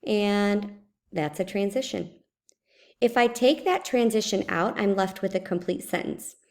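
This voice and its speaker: A woman's voice: mid-range voice, darkish tone. A woman teaching a writing lesson in a screencast, explaining step by step and repeating example sentences aloud.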